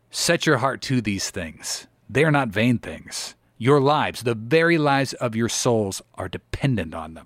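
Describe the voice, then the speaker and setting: A man preaching a sermon with solemn, exhorting weight and old-fashioned scriptural phrasing. His voice sits at a middling pitch. The recording is dry and close, with no room sound. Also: no echo.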